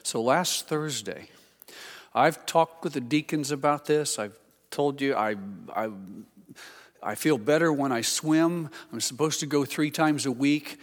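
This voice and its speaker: A pastor telling a chatty, excitable story during a sermon. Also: male voice, a little high, measured pace, long reverb tail.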